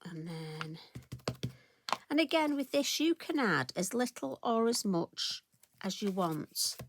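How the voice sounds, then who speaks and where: A woman's voice: medium pitch, expressive, slow pace, a little hiss or hum. A middle-aged woman with a chatty, self-deprecating manner, hosting a card-stamping tutorial and talking to viewers as she works. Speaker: craft tutorial host.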